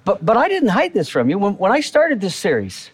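A man's voice: high voice, huge pitch swings, a little fast, husky. A male pastor preaching a sermon in a church, talking to the congregation in a conversational way and repeating key phrases.

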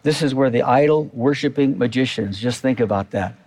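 A man's voice: medium pitch, fairly quick, darkish tone. A male pastor preaching a sermon in a church, talking to the congregation in a conversational way and repeating key phrases.

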